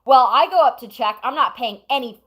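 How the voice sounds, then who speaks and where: Brief: woman streamer, casual and rambling, slightly high voice, at home. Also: a little fast, fairly bright tone, rough recording. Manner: rambling, breaks off to talk to chat and pets. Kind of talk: casual storytelling to chat.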